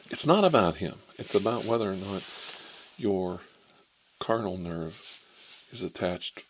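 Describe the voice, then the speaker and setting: An Ohio man, a channel host, plays an examining doctor in a comic ASMR role-play, smoking a cigarette indoors. His low, gravelly voice has a fairly bright tone, and he rambles irreverently from story to story, digressing and laughing at his own jokes. A faint hiss runs beneath the recording.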